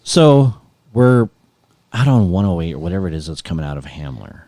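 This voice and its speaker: A man's voice: deep voice, big pitch swings, fairly quick, mellow, dry recording. A middle-aged man, a guest musician, telling a rambling story in casual chat and laughing often.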